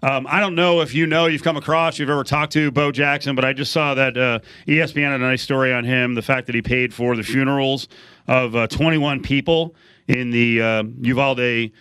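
A man hosting a sports talk radio show, animated and chatty, getting loud when excited. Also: mid-range voice, brisk, clear, resonant tone, no echo, studio quality.

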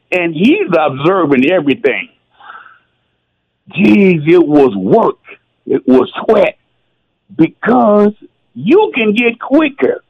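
A man's voice: sits high, creaky, narrow, tinny audio. A man who played football, calling in to a radio show, tearful and exclamatory as he tells his story. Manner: emotional, tearful, exclamatory with "geez". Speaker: former football player, guest. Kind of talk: emotional radio interview storytelling.

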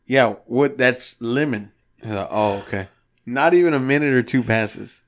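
Profane, animated storytelling man. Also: medium pitch, moderate pace. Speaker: podcast co-host. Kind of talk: casual storytelling chat.

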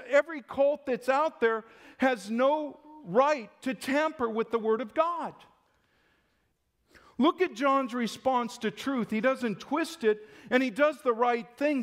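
High-voiced man preaching a sermon. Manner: emphatic, conversational preaching. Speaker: pastor.

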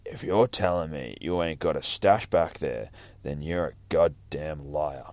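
A man reading a comic aloud and voicing a menacing, huge male brute who sneers out slow, low threats. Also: a little mellow, dry recording. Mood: surly.

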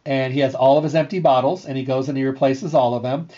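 A middle-aged man hosting a health show, telling a story in an earnest, repetitive way with lively energy. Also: medium pitch, fast. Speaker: radio show host and health food store owner. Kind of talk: casual storytelling monologue. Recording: slightly dull, lo-fi sound.

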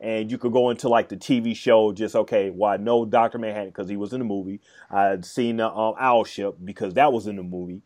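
A man's voice: on the low side, steady tone, fairly quick, few pauses, a little mellow. A man co-hosting a podcast in casual chat, talking hesitantly with many fillers and restarts. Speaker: podcast co-host.

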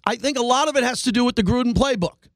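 A man hosting a sports talk show, delivering a fast, emphatic monologue and repeating his points for emphasis. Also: very high voice, no room sound. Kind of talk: animated sports radio monologue.

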